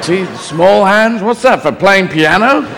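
A man's voice: high voice, lively intonation, slow pace, gravelly, a bit bright, some chatter behind, voice pushed up, full character voice. A man playing Jesus as a petulant young son, whining at his father on a noisy live stage recording. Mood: curious. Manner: whining complaints. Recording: live stage recording in a hall with room noise.

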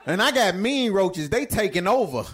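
A man's voice: high-pitched, big pitch swings, moderate pace, a bit bright, slightly rough, some chatter behind. A man doing a stand-up comedy set, telling jokes in a laid-back, vernacular storytelling manner.

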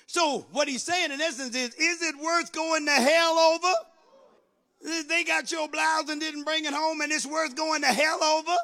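A man preaching a sermon, swinging from loud shouted lines down to quick low muttering. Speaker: pastor.

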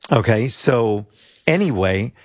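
A man's voice: mid-range voice, expressive, slow, no echo. A pastor in his sixties from the United States, telling rambling anecdotes with asides as an interview guest.

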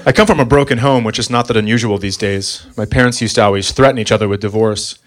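A man's voice: fairly low pitch, fast. A man in his thirties doing a stand-up comedy set, telling exasperated stories about family life on stage. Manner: exasperated, animated storytelling with voiced quotes. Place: stage before a laughing audience. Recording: live club recording with clear ambient noise.

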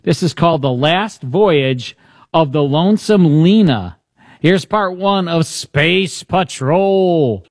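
Man, podcast host, jokey chatty talk, slightly high voice, dry sound. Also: animated, slow, no echo. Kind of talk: casual podcast chat and ad read.

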